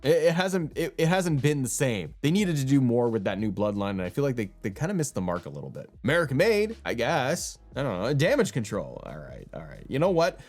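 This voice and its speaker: A man's voice: medium pitch, huge pitch swings, brisk, hardly any pauses, a little mellow, faint music behind. A young man hosting a wrestling channel, talking in a casual, rambling way with lots of restarts. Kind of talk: casual commentary.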